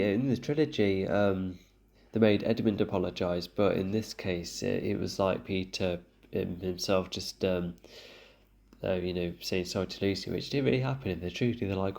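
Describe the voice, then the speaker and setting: A man's voice: low voice, steady tone, moderate pace, a little mellow. A man giving casual commentary as he reacts to a TV show, thinking aloud and hesitating with fillers and restarts. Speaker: reaction video host.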